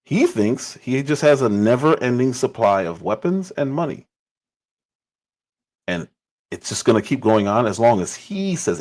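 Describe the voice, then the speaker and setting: A man's voice: medium pitch, low-quality recording. A man hosting a livestream and giving casual political commentary. He talks emphatically and repeats phrases for stress.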